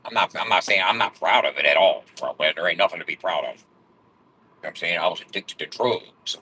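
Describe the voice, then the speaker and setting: A man's voice: low voice, a little fast, bright, forceful tone, a little hiss or hum, rough recording. A man in his forties telling rambling, profane stories in a blunt way. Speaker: vlogger.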